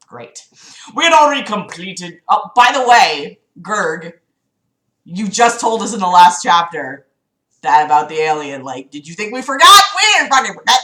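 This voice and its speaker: Very animated yet measured in pace, a young woman with a sharp, medium-pitched voice and a slight cough hosts a casual stream from an echoey home room. She chats, swears without restraint and reads a friend's book aloud, by turns giggly, fretful, chatty and profane.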